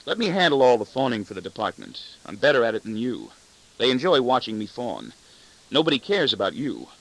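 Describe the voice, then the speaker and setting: A man's voice: mid-range voice, big pitch swings, brisk, vocal fry, rough recording. A man voicing an arrogant, cutting corporate boss in an audiobook, with a sardonic, self-satisfied delivery. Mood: sarcastic. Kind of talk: audiobook reading.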